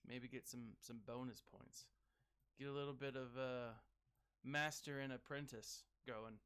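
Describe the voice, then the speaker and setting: Bright, unhurried excitable male gamer. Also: mid-range voice, clear, resonant tone. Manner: chatty and excitable, with sudden whoops and greetings to viewers. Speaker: game streamer reading live chat. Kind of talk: casual gaming commentary.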